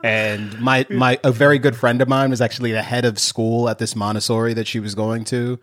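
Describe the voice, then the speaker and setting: A man hosts a relaxed podcast chat, his voice in a middle register. He tells stories with animated swings and laughs often as he goes. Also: mid-range voice, brisk. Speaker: podcast host.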